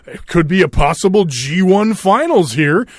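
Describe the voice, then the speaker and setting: A man's voice: high-pitched, expressive, moderate pace, dry recording, clean studio sound. A man with a Minnesota accent hosting a wrestling podcast, talking in a loose, rambling way full of fillers and swearing. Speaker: podcast host. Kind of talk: casual chat.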